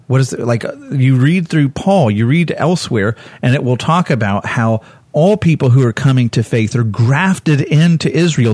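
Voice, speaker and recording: A man with a middle-pitched voice preaches informally, leading listeners through a Bible story. He stays lively and candid, correcting himself and leaping in pitch to act out the characters' quoted lines. The sound is intimate and dry, free of room echo.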